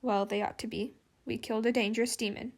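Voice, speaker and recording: A woman's voice: a little high, normal speed, gravelly, a little mellow. A woman reading the part of a bold, sardonic young man who teases those around him. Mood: teasing. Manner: teasing, wry.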